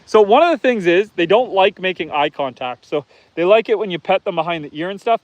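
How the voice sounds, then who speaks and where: High-voiced farm guy chatting outdoors. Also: animated, brisk, no room sound, muffled recording. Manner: chatty, reads viewer comments aloud, calls to animals. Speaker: homesteader live-streaming host. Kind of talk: casual live-stream chat. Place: outdoors on a farm among animals.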